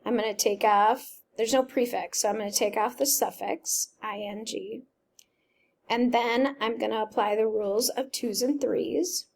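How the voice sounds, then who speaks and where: A woman's voice: fairly high pitch, steady tone, a little slow, creaky. A woman teacher reading a novel aloud and patiently sounding out words step by step.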